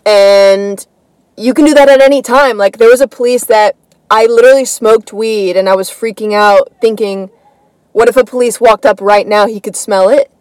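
A woman's voice: on the high side, steady tone, normal speed, darkish tone, dry recording, rough recording. A woman hosting a comedy podcast, telling a casual story in a rambling way full of fillers and swearing. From United States.

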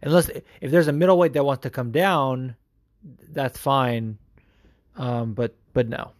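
A man's voice: medium pitch, fairly even intonation, measured pace, no echo. Young guy hosting a pod, swears constantly, dead dry mic, mumbles then gets hyped. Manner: rambling and profane, swings from mumbling to hyped. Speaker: podcast host answering listener messages. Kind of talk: casual chat.

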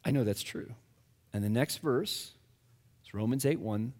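A man giving an animated personal faith testimony, acting out his own past words as he tells the story. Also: mid-range voice, unhurried. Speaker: guest speaker. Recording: long reverb of a large hall.

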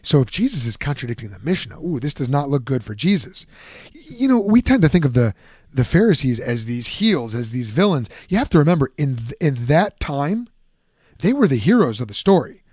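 A man giving a lively, conversational Bible teaching, often acting out the objections he answers. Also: mid-range voice, fairly quick, slightly rough, no echo. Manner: animated, conversational, acts out objections.

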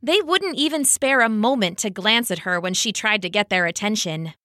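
A woman narrating a scripted children's story as the podcast's storyteller, telling it slowly and with many acted voices. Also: medium pitch, animated, pushed and bright, no room sound, studio quality.

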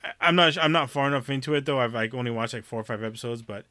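Bright-voiced rambling man. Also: medium pitch, very fast, no echo. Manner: rambling, swearing, laughs a lot. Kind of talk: casual chat about TV shows.

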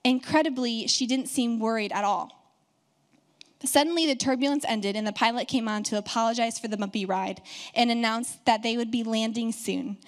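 A woman's voice: a little high, normal speed. A woman pastor preaching a sermon, telling a story and building to fervent, emphatic proclamation.

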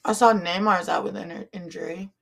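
A woman's voice: on the low side, fairly even intonation, brisk, gravelly. A young woman co-hosting a podcast, blunt and teasing. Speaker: podcast co-host. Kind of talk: casual chat.

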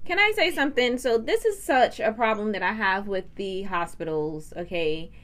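A woman podcast host in casual chat, chiming in with quick reactions. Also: medium pitch, expressive, fairly bright tone.

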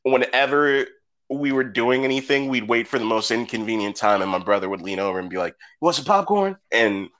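A man co-hosting a casual podcast chat, telling stories with swearing and jumping up high when he acts out what people said. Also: fairly quick. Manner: animated storyteller, acts out quoted people with big pitch jumps. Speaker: podcast co-host.

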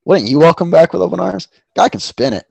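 A man's voice: on the high side, animated, a little fast, creaky, darkish tone, husky, dry recording. A man co-hosting a casual sports betting chat, rambling and profane with lots of fillers. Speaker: podcast co-host.

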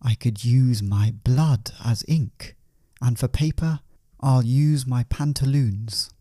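A man doing a melodramatic jailed poet, pleading and self-pitying, a little higher than his usual voice. The sound is dry and close, with no room echo. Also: takes it slowly, warm tone. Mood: anxious. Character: lovesick imprisoned poet, whiny and dramatic.

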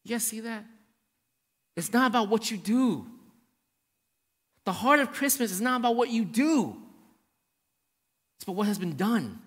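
A man preaching a sermon to his congregation, swinging between hushed and raised passages and often checking in with the room. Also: high voice, animated, moderate pace, long pauses. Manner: addresses the congregation directly, checking in with "right?". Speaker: pastor. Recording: long hall reverb.

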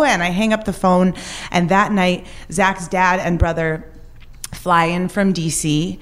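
A woman's voice: fairly low pitch, steady tone, a little slow. Candid young woman telling a true story. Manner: candid, shifts between wry and raw. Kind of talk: live personal storytelling.

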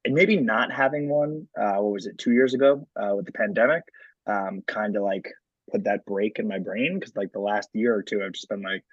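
A man with a husky, slightly rough voice talks sports in a loose, rambling way, dotted with "um" and "like." The sound is dry and a little dull, like a lo-fi home podcast setup. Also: on the low side, moderate pace, no room sound. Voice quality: frequent filler words and restarts. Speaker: podcast co-host. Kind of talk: casual sports chat.

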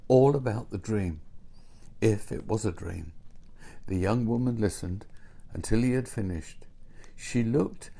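A man gently reading a storybook aloud in an unhurried way. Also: on the low side, creaky, husky. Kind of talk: storybook narration.

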